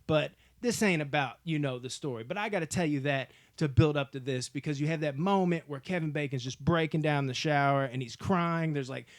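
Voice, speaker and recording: A man's voice: on the high side, a little fast, few pauses, dry recording, clean studio sound. A man hosting a casual movie vlog, talking enthusiastically to his viewers in slangy, profane speech. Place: home movie room.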